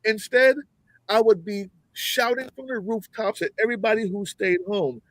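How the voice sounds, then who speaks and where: A man's voice: high-pitched, normal speed, no room sound, poor audio. A man on a video call giving heated political commentary, fiery, profane and mocking, full of rhetorical questions.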